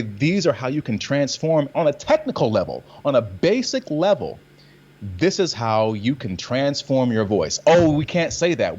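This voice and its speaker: In a muffled recording, a mid-range male voice belongs to an actor guesting in a casual talk. He tells lively stories and acts out lines in a variety of readings.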